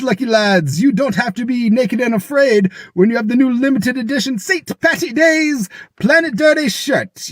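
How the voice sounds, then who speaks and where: A man voicing a sly leprechaun pitchman in an attempted Irish accent that comes out Jamaican, delivering a singsong rhyming sales pitch. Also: no echo, clean studio sound. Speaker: ad voice in a fan-made shirt commercial.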